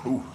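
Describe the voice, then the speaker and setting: An actor playing a solemn small-town pastor who speaks slowly and gravely, in a video game cutscene. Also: male voice, very high-pitched, echoey room, heavily acted. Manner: slow, measured, solemn.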